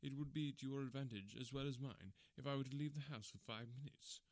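A man's voice: mid-range voice, brisk, dry recording, close to an everyday voice. Male reader doing a proud sulky young guy, cold and defiant, storybook reading. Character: proud, sullen young man, the accused son.

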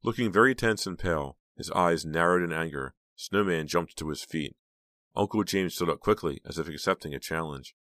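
Male audiobook narrator, very deep, dry close-miked sound. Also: no room sound. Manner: steady, measured reading.

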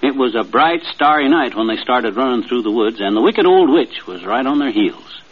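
Folksy husky storyteller. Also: male voice, mid-range voice, moderate pace. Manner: folksy, drawling, lively storyteller. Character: folksy middle-aged man spinning a bedtime tale. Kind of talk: storytelling in a radio comedy. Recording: dull 1950s radio transcription.

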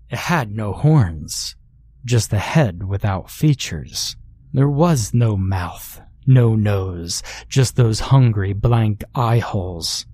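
A man reading a horror story aloud as scripted narration, measured and deliberate. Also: lowish voice, dark tone, dry recording, clean studio sound.

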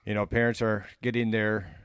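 An easygoing male podcast host introduces a clip, stumbling a little over his words. His voice is smooth and clear, recorded close and dry. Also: fairly low pitch, little pitch movement, normal speed, no echo. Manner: easygoing, with hesitant restarts. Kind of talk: casual podcast chat.

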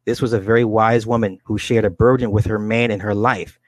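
A man reading the lines of a woman clairvoyant in a trance, in slow, measured pronouncements. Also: lowish voice, fairly even intonation, no room sound, lightly acted. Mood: solemn.

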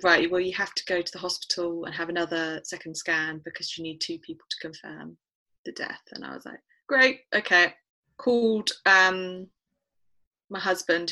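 A woman's voice: on the low side, sharp tone, poor audio. A woman, candidly retelling a painful personal story in a podcast interview. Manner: candid, emotional retelling with quoted dialogue. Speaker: guest.

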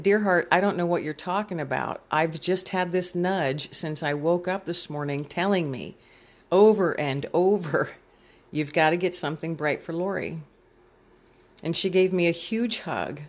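A middle-aged speaker telling a personal faith story to an audience, earnestly acting out their own past thoughts in a gentle, heartfelt way. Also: medium pitch. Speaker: storyteller sharing a faith testimony.

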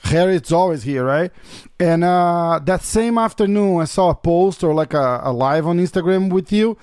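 A man co-hosts a casual chat, talking loosely and checking in with his partner after almost every point. His voice is fairly high for a man. The sound is close and dry. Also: expressive, normal speed, darkish tone, smooth, no echo. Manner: chatty, keeps tagging "right?". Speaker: co-host.

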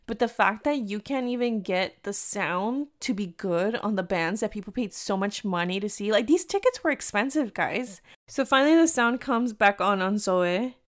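A young woman rambling to her followers about a bad day out, voice sitting at an ordinary middle pitch. She fills her sentences with "like", curses without a second thought and breaks into laughs as she goes. The feel is loose, candid vlog storytelling. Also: lively intonation, moderate pace, few pauses. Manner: chatty, heavy use of "like", swears freely; laughs often while telling the story. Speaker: vlogger. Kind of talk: casual storytelling to viewers.

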